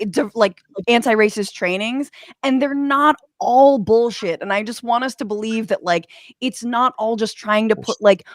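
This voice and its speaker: A woman speaking as a podcast guest, jumping in quickly and animatedly with lots of "like"s. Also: on the high side, dry recording, studio quality. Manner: quick, animated interjections, many "like"s. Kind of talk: casual political discussion.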